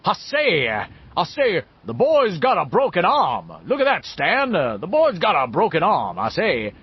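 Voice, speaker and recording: A man narrating a story voices a boy putting on a grandly rolling Southern gentleman drawl that stammers as it goes. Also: high-pitched, huge pitch swings, a little slow, breathy edge, highs cut off, pitched above the performer's own voice, heavily acted. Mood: mock-grand drawl. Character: boy doing a booming Southern gentleman cartoon voice.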